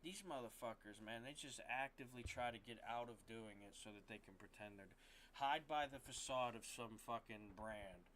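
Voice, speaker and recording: A man's voice: medium pitch, moderate pace, fairly bright tone, a little hiss or hum. A man streaming a game, ranting to his chat in a rambling, frustrated way, swearing often and restarting his sentences. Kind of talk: casual rant to stream chat.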